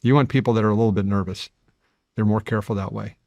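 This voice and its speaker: A man in his fifties, a guest on an interview show, telling stories in a measured, earnest way and building to animated passages. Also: fairly low pitch, creaky, no room sound, studio quality. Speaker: guest, deep-sea explorer. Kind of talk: conversational interview storytelling.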